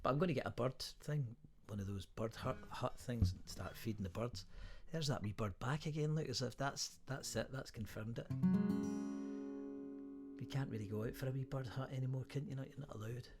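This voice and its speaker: A middle-aged man chatting casually between songs at home, rambling and halting. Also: medium pitch, darkish tone, faint music behind. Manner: rambling, halting, self-mocking. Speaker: singer-songwriter. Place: home during lockdown.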